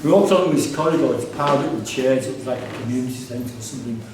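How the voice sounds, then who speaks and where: Talking very fast in a medium-pitched voice, an artist and curator rambles through life anecdotes at a gallery talk, restarting and filling gaps as he goes. The echoey exhibition room is recorded from far off, with a noisy background.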